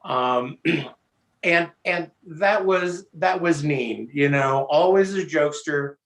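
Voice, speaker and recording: Halting man telling a tribute story. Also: fairly high pitch, fairly bright tone, roomy sound. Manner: halting, many fillers and restarts. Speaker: guest sharing a memorial tribute. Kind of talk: casual personal storytelling. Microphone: video call.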